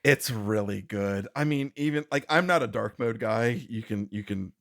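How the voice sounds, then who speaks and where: A man's voice: fairly low pitch, expressive, normal speed, gravelly, fairly bright tone. A man co-hosting a podcast, rambling in casual chat, restarting sentences and laughing often. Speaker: podcast co-host.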